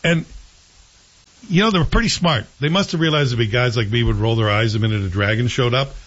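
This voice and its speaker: A man co-hosting a show in casual chat, opinionated and animated. His voice is husky, with a mid-range pitch. The sound is dull and lo-fi. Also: a little fast. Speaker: show co-host reviewing TV.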